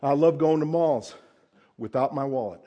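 A pastor giving a conversational sermon, swinging between loud emphasis and hushed asides. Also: male voice, a little high, normal speed, dull audio.

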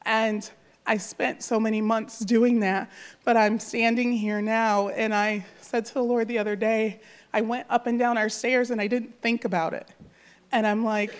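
With a fairly high pitch and a flat delivery, a woman in her thirties speaks at a moderate pace as she shares her testimony at church. It's heartfelt, emotional and earnest, with frequent fillers.

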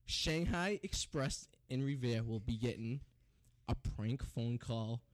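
A man's voice: medium pitch, slow pace. A young man hosting a college radio show, rambling and joking, goading his co-host. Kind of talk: loose banter and singing on air.

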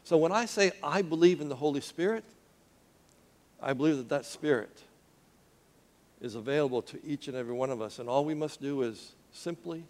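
A male preacher delivering a sermon, his voice sitting a little higher than most men's. He calls out to the congregation with repeated questions and sinks into hushed, earnest tones while storytelling. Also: lively intonation, normal speed, long pauses. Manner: call-and-response with the congregation, dropping to quiet intensity.

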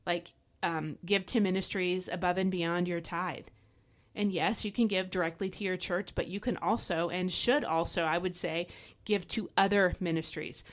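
A woman's voice: on the low side, fairly even intonation, normal speed. A woman hosting a devotional podcast, exhorting listeners in a fervent, preachy way. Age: adult parent. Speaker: podcast host. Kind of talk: devotional Bible teaching podcast.

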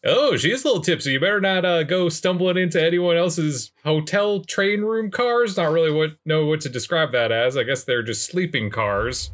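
Man doing a high, hammy Texan tourist guy, folksy drawl, cheerfully overplayed. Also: lively intonation, normal speed, hardly any pauses, fairly bright tone. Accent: put-on Texan.

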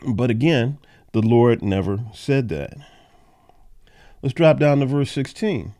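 Man, bible study host, reads verses then explains, casual and plain-spoken, mid-pitched. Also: lively intonation, unhurried, darkish tone. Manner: reads verses aloud then paraphrases them. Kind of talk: reading scripture and explaining it.

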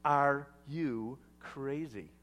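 A man doing a fed-up wife, firing off disbelieving questions at her husband in a lively, rising voice. A quick sermon aside. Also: fairly high pitch, a little hiss or hum, exaggerated voice. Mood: incredulous. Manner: incredulous questions.

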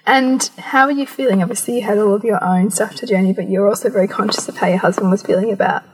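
A woman hosting a podcast, gently asking questions and murmuring along as an attentive listener. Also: mid-range voice, quick pace, breathy edge, rough recording. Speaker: podcast host. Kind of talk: gentle interviewing.

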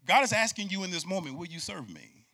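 A man preaching a sermon, moving from quiet talk to shouted, repetitive calls to the congregation. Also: high-pitched, sing-song, fast talker, creaky. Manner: builds from quiet to shouting, repeats words.

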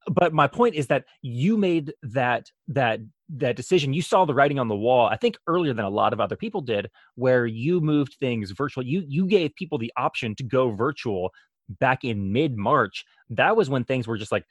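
A man's voice: mid-range voice, lively intonation, dry recording. Dry, conversational podcast host man. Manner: conversational, halting with restarts. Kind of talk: podcast interview.

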